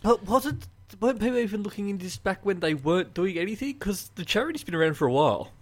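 A man in a casual podcast chat, calmly explaining things to his co-hosts. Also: high-pitched, fast.

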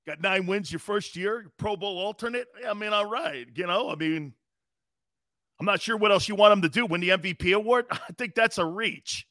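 A high-pitched, pushed, bright voice at a moderate pace belongs to a sports talk host from the East Coast US, heard with no room sound. Brash and full of jokes, he riffs casually, reads out chat comments, and laughs often.

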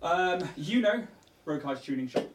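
A man's voice: high-pitched, lively intonation, unhurried, echoey room, distant mic, noisy background. A man narrating a tabletop game as game master, chatty and casual with many fillers.

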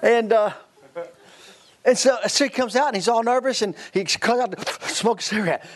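A man in his fifties, a guest preacher, tells a story during a sermon in an extremely high voice at normal speed. He laughs often and keeps restarting his sentences.

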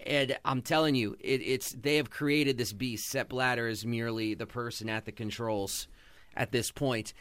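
A man's voice: medium pitch, fairly even intonation, normal speed, fairly bright tone, smooth, no echo. A man hosting a podcast, giving passionate, sarcastic sports commentary. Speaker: podcast host.

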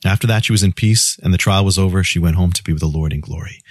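A male radio preacher delivering a scripted devotional, storytelling and then pitching free offers emphatically. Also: fast talker, no echo.

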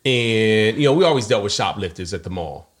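A man's voice: on the low side, brisk. A middle-aged man co-hosting a podcast, telling a personal story in a casual way and acting out the people in it. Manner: animated storyteller, acts out quoted voices. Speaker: podcast co-host.

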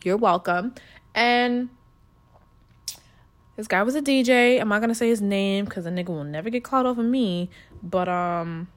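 A woman's voice: mid-range voice, moderate pace, long pauses. A young adult woman with a New York accent tells her story in a loose, unscripted monologue. She is blunt and foul-mouthed and talks straight to her audience as if they were friends. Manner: blunt, crude and profane, talking straight to listeners.

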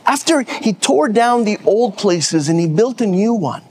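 A man's voice: sits high, animated, a little slow, darkish tone, husky. A pastor preaching a sermon from the stage, often repeating words as he builds to a point and rallying his listeners. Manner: repeats words when stressing a point, rallies the audience.

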